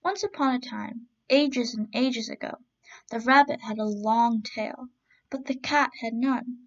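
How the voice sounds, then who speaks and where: A woman storyteller reading children's stories aloud in a slow, gentle storybook manner. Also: fairly high pitch. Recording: dull lo-fi recording.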